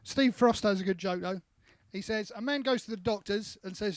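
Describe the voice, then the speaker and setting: A man's voice: high-pitched, normal speed, no echo. A man from England co-hosting a band's livestream, joking and reading out viewers' jokes. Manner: jokey, reads out viewer jokes. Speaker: band member, co-host. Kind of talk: casual chat.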